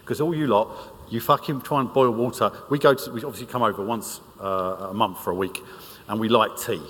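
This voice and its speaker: A man's voice: fairly low pitch, fairly quick, fairly bright tone. A man with a British accent giving a cheeky, profane comic talk at a conference. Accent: British English. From United Kingdom. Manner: cheeky and profane, lots of swearing. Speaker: conference speaker. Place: large conference hall. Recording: reverberant hall with faint noise.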